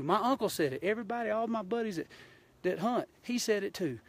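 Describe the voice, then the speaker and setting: A man's voice: high-pitched, animated, brisk. Fired-up Georgia man ranting outdoors. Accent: Southern US, Georgia. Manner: fired-up, blunt, folksy. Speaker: hunting show host. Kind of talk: impassioned live-stream rant. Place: outdoors on a mountain.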